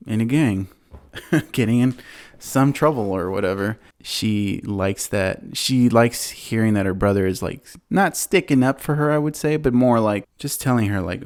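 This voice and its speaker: A man hosting a podcast, casually retelling a movie plot in a rambling way, full of fillers and quick laughs. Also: on the low side, darkish tone. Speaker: podcast host.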